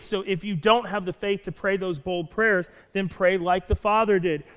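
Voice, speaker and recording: A man preaching to his church with animated, storytelling energy, sometimes rising and sometimes dropping soft. His voice sits fairly high for a man. It rings out in a hall with a long reverb. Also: moderate pace, hardly any pauses, clear, resonant tone. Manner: animated storytelling, acts out quoted lines. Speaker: pastor. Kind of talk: sermon.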